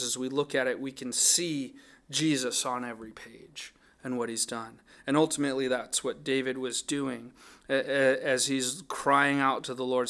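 A man's voice: mid-range voice, fairly bright tone. A man preaching a sermon, earnest and thoughtful, often restarting his phrases as he works through a psalm. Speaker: pastor.

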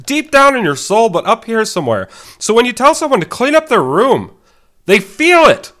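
A man impersonating an earnest male lecturer with a put-on Canadian accent, pushed up into a strained high register. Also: very animated, moderate pace, a bit bright, heavily acted. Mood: preachy.

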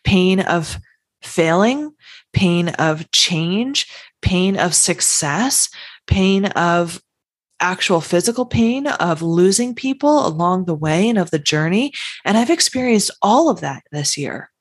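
A woman with a low, husky voice hosts a podcast alone. She speaks in an earnest, heartfelt and emphatic way. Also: expressive, slow pace. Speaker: podcast host. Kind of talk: solo podcast monologue.

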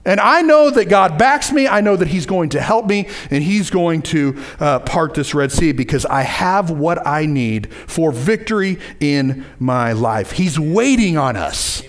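High-pitched man preaching a lively sermon. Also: measured pace, hardly any pauses. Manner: lively preaching with asides and repeated phrases. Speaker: pastor.

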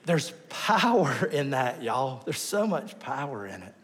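A man preaching a sermon, telling stories with lively swings between loud bursts and soft asides. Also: mid-range voice, unhurried. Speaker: pastor.

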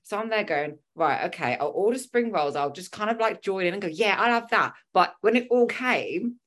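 A young adult woman chatting casually, telling lively stories and acting out what people said, swearing freely. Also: medium pitch, moderate pace. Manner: animated storytelling, acting out quotes. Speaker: fitness competitor. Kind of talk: casual chat.

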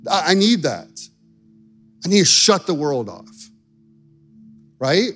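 A man's voice: sits high, expressive, moderate pace, long pauses, fairly bright tone, soft background music. A male pastor preaching a sermon in an earnest, conversational way.

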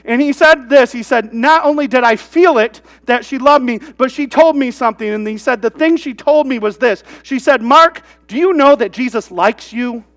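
Chatty high-voiced male preacher. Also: normal speed, hardly any pauses. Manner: conversational, asks rhetorical questions. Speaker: pastor. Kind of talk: sermon.

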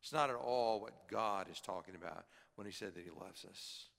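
A middle-aged man preaching a sermon as pastor, earnest, swinging from emphatic high peaks to quiet low drops. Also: moderate pace, vocal fry. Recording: long hall reverb.

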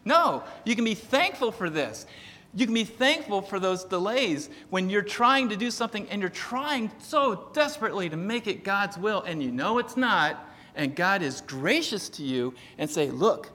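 A man's voice: high voice, big pitch swings, moderate pace, pushed and bright, in a large hall. A man preaching a sermon in a casual storytelling way, with self-deprecating humor. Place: church sanctuary.

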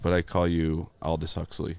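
A man's voice: low voice, expressive, a little fast, a little hiss or hum. A man hosting a podcast in casual, laid-back chat, laughing easily. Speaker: host.

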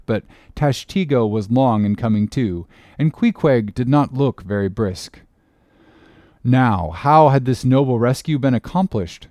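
A man narrating a novel aloud with a steady, expressive delivery. His voice sits mid-range in pitch, and the recording is dry and close with no room sound. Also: dry recording. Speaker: audiobook narrator. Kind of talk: scripted narration.

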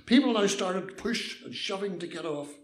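A man's voice: high-pitched, animated, moderate pace, echoey room. An older Northern Irish man telling a personal story with mischievous liveliness, acting out the voices.

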